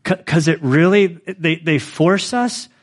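A man's voice: fairly high pitch, slow. A man in his forties, a pastor telling his own story in a sermon, earnest and rambling, with many fillers. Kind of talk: sermon testimony.

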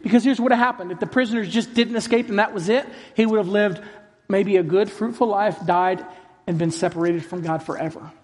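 A man preaching a sermon to a congregation, speaking emphatically and putting questions to the crowd. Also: high-pitched. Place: large hall with congregation. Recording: long hall reverb.

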